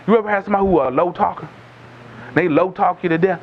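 A man's voice: fast talker, slight background noise. A man preaching a sermon, retelling scripture in a conversational way and acting out the voices of the people in the story. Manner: climbs higher and louder when pressing a point. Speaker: pastor. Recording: dull lo-fi recording.

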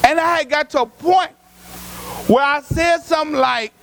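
A pastor preaching a sermon, telling stories from his own life in a folksy, colloquial way, acting out what people said and rising to shouts. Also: extremely high pitch, normal speed, creaky, a little hiss or hum. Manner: storytelling preacher, acts out quotes, rises to shouts.

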